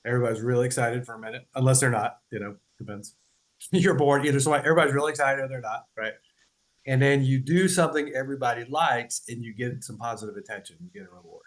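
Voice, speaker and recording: A man's voice: medium pitch, quick pace, low-quality recording. A man in casual explanatory podcast talk, loose and conversational, swearing, laughing and often checking in with "right?". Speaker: podcast host.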